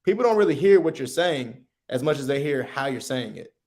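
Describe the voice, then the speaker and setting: A man talking through sales tips on a podcast in an easy, conversational way. His voice sits at an ordinary middle pitch. He loops back on his words and tags his points with a quick "right?". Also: lively intonation, a little mellow. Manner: loose, repeats himself, says "right?" often. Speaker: co-host, sales coach. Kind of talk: casual podcast chat.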